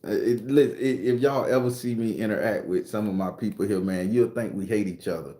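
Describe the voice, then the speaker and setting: A man's voice: lowish voice, fairly quick, mellow. Profane, joking man in an echoey room. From Florida. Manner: profane, loose and joking, with slang. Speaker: host and spooky storyteller. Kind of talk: casual livestream chat.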